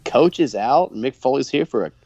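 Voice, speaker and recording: A man's voice: medium pitch, a little fast, dull audio, a crowd in the background. A man co-hosting a casual wrestling podcast, joking and laughing often as he talks. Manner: jokey, animated, laughs often. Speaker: podcast co-host.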